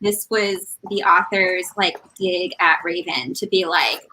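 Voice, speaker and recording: A woman's voice: on the low side, slow, a crowd in the background, rough recording. A woman guest on a casual online chat, talking in a bubbly, playful way over a video call. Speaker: guest author.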